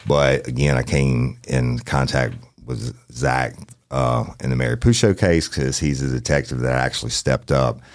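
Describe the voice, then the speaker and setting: A man's voice: rumbling low, normal speed, dry recording. A man hosting a true crime podcast in a studio, talking in a blunt, folksy way and swearing casually. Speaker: podcast host.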